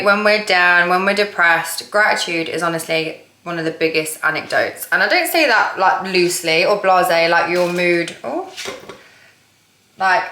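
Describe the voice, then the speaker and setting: Cooking dinner at home, this woman, a manifestation coach, chats casually and bluntly for her vlog with some swearing mixed in. She has a lowish, pushed, bright voice. Pots and pans clatter in the echoey kitchen around her.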